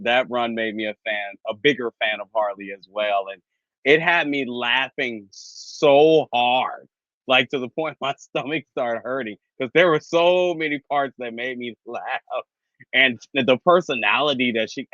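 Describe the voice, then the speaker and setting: A man who is a guest on a casual comics chat, giggly and expressive, laughing often as he talks. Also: medium pitch, normal speed, no room sound, muffled recording.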